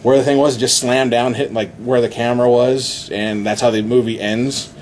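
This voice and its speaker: A man in casual podcast chat, retelling a movie plot excitedly with many restarts. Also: mid-range voice, normal speed, background noise. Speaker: podcast host.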